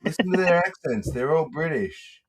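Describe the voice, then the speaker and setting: A man co-hosting a casual reaction chat, sarcastic and quick to swear. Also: fairly high pitch, expressive, breathy edge. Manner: profane, sarcastic banter. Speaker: co-host reacting to video clips.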